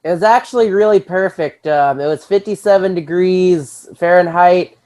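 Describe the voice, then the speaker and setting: A radio producer from Texas answering casually as a guest, relaxed and easygoing. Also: mid-range voice, normal speed. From Texas, USA.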